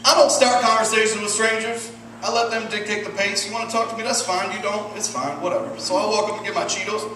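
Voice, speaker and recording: A man in his thirties from Michigan doing a stand-up set, deadpan and profane with self-deprecating asides. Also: high voice, quick pace, few pauses, noisy background. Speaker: stand-up comedian. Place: comedy club stage with audience. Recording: roomy distant club recording, loud ambience.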